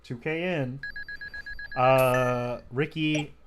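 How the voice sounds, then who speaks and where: A man's voice: medium pitch, fairly even intonation, extremely slow, crowd noise. A man commentating on a card game match, talking casually and rambling through stories with lots of filler words. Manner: rambling, filler-heavy storytelling.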